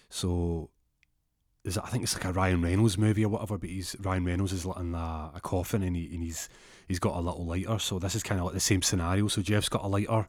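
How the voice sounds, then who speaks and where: Young man, low voice, rambling profane storyteller, dry close sound. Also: steady tone, quick pace, no room sound. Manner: rambling, profane, with repeated restarts. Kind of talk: casual anecdotal storytelling.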